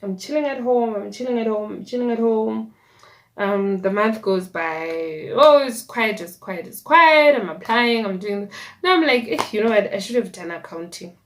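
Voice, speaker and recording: A young South African woman, a YouTuber, talks at normal speed in a mid-range voice. She casually tells her story while doing a makeup tutorial, sprinkling in Sesotho words and playful asides.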